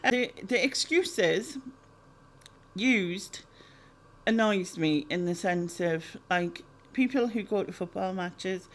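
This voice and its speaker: A woman, chatting casually through a Q&A vlog, rambling with lots of ums and laughs. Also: medium pitch. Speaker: YouTuber answering viewer questions.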